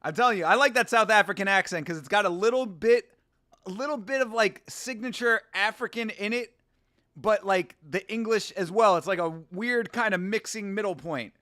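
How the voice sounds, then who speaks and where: A man hosting a casual fight watch-along, excitable and jokey. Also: high-pitched, moderate pace. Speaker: host.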